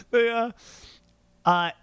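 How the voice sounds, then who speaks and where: A man's voice: high voice, bright, forceful tone, clean tone, dry recording. A man hosting a podcast in casual chat, laughing often and tripping over names. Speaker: podcast host.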